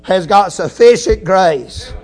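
A man preaching a folksy sermon, telling a story quietly, then building to shouted preaching with hallelujahs. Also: sits high, animated, slow pace, soft background music. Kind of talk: Pentecostal-style sermon.

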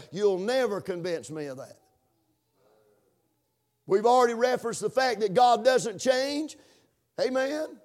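Male pastor, very high voice, fervent sermon delivery with shouted peaks. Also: animated, unhurried, long pauses. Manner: impassioned preaching that swings to shouts; repeats words and hesitates with fillers.

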